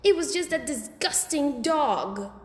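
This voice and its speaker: A shrill, snooty young girl with a very high voice, put on by a woman reading a storybook. Her lines ring out in a big space with a long echo. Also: animated, measured pace. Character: young girl, bossy and easily panicked. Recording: roomy with long reverb.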